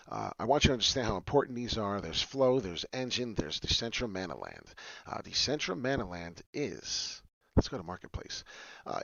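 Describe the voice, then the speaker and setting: A man hosting a trading tutorial livestream, talking in an excitable, rambling and self-deprecating way and drifting off topic. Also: deep voice, gravelly, no echo, dull audio. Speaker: trading channel host.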